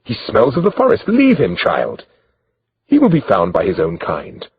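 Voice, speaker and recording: A man's voice: lowish voice, huge pitch swings, moderate pace, creaky, slightly rough, heavily acted. A man voicing a haughty older noblewoman who is scornful and commanding, in a slightly dull lo-fi recording.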